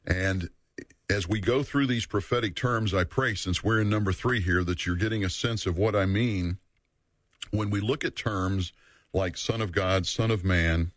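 A deep-voiced man teaches a Bible study series, earnest and measured. He leans on key words and repeats them for emphasis. His voice sounds close and dry. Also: dry recording.

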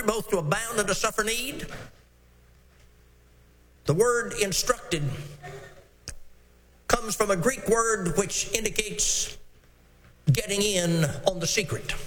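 A man preaching an expository sermon, slow and emphatic as he works through scripture verse by verse. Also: high voice, fairly bright tone, a little hiss or hum. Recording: long reverb in a hall, faint ambience.

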